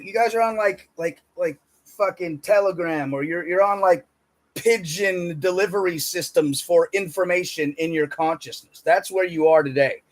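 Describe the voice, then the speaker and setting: A man delivering a profane, emphatic motivational rant about diet and spirituality, swinging between loud bursts and muttered asides. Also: high-pitched. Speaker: self-help speaker.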